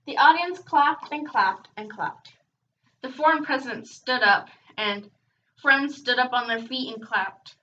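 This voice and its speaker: A woman reading a children's book aloud, expressive, breaking off now and then for casual chatty asides. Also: sits high, a little slow, slight background noise. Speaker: reader hosting a read-aloud channel. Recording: dull, distant home recording.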